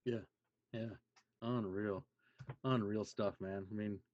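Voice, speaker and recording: A man interviewing a guest in a casual chat, eager and quick to agree. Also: fairly low pitch, fairly even intonation, a little mellow, no room sound, dull audio. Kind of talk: casual conversation.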